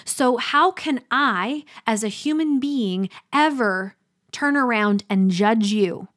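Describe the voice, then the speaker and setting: A middle-aged woman giving a motivational talk, earnest and emphatic, slowing down for dramatic pauses. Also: medium pitch. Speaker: speaker.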